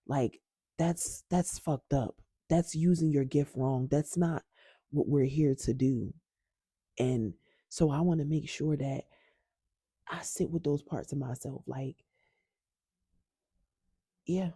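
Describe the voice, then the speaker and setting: A woman's voice: low voice, slow, long pauses, dark tone, breathy edge, no echo, clean studio sound. A woman vlogging about healing and personal growth, speaking candidly and emphatically to her viewers and swearing freely. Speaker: wellness vlogger. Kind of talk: casual talk to camera.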